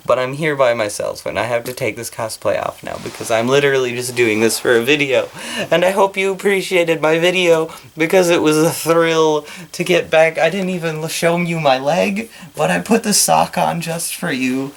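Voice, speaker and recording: A man vlogging about his cosplay from a corner of his small bedroom, excitable and giggly, with a slight lisp. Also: fairly high pitch, normal speed. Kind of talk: casual vlog.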